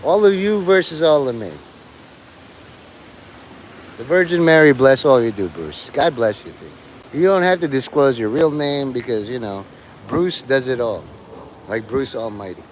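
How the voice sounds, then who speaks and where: Man, middle pitch, meandering and foul-mouthed live streamer talking outside, light rain hiss behind. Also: lively intonation, unhurried, pauses often, poor audio. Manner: profane, meandering, full of fillers. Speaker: livestreamer. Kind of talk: rambling live stream monologue. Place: outdoors in the rain.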